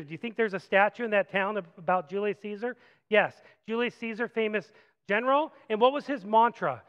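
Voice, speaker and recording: A man preaching a sermon as pastor, animated, moving from loud acted-out quotes to quiet reflective passages. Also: high voice, long reverb tail, highs cut off. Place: church sanctuary.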